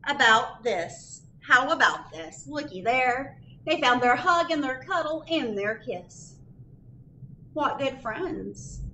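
A woman's voice: high-pitched, bright, forceful tone, slight background noise, low-quality recording. A woman librarian reading a picture book aloud at children's storytime, sing-song and asking the children questions.

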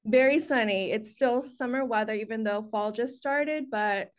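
A woman's voice: fairly high pitch, normal speed. A woman from California, a podcast guest, speaking in a light, friendly way.

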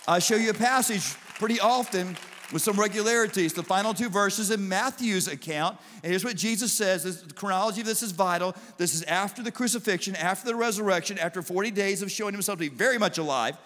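A man with a fairly high voice preaches to a large congregation, animated and playful, slipping into brief impersonations of the people in his stories. His voice carries a long reverb from the auditorium around him. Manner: animated, acts out biblical figures in quick asides. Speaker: pastor. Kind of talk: sermon.

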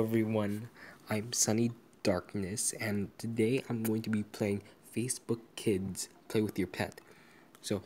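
A woman giving casual gameplay commentary, gushing in baby talk at a virtual pet with sudden squeaky jumps. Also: mellow, a little hiss or hum. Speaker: gaming vlogger.

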